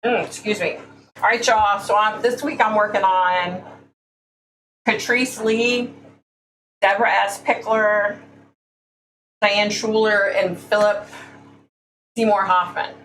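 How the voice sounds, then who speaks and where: A woman's voice: medium pitch, steady tone, takes it slowly, long pauses, a bit bright. Blunt woman, echoey livestream. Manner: blunt, opinionated, says "y'all". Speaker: livestream host. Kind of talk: casual livestream chat. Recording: echoey room, faint hum, mic at a distance.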